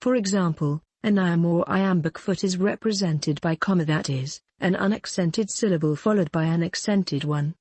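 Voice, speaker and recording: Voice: mid-range voice, moderate pace, few pauses, darkish tone, no room sound. A literature teacher giving a recorded lecture, reading out definitions and then restating each one in plainer words.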